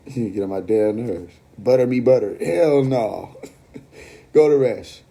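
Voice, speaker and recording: Livestream host, New York man, husky tone, blunt and profane, casual rant on a phone mic. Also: medium pitch, slow pace, dark tone. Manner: blunt, profane, laughing asides.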